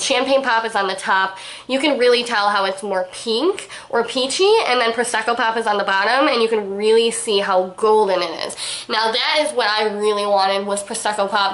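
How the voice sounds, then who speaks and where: A woman's voice: on the high side, a bit bright. A young woman reviewing makeup in a casual, gushing, chatty way, talking straight to her viewers. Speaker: beauty vlogger. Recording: echoey room.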